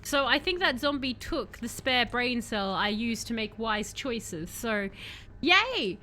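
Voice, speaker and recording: A woman's voice: a little high, unhurried, bright, forceful tone, slight background noise. A woman streaming a game, chatting animatedly with her viewers, self-mocking and reading out their messages. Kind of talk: let's-play commentary chatting with chat.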